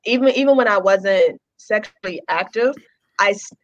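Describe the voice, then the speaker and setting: A woman's voice: medium pitch, moderate pace. Blunt, profane woman on a lo-fi mic. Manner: blunt, profane, matter-of-fact. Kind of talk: casual storytelling chat. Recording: dull lo-fi sound.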